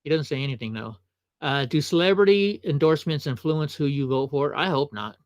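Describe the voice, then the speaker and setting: A man's voice: a little high, expressive, a little fast, no room sound, studio quality. Chatty man reacting on a livestream. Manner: chatty, offhand asides. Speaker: livestream host. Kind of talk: casual reaction commentary.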